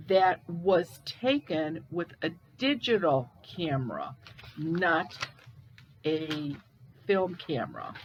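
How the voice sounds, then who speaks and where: A woman from Cleveland, Ohio, telling ghost stories in a casual, halting way, with pauses and restarts. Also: on the low side, muffled recording, slight background noise. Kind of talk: casual storytelling.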